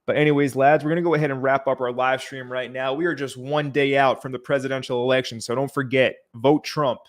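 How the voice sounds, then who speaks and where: A man hosts a casual livestream and talks over viewer comments at an easy pace, with fillers and small sighs. His pitch stays low-key and flat and barely moves. He sounds close to his microphone. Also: brisk. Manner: relaxed, chatty, reads out viewer comments. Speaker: livestream host.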